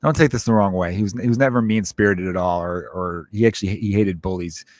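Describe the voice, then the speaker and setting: Brief: male comedian hosting his podcast in his thirties, lowish voice, blunt and profane, joking through grief, dry room. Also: fast, a little mellow, no echo. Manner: candid and profane, mixing grief with jokes. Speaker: podcast host; stand-up comedian. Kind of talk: personal storytelling monologue.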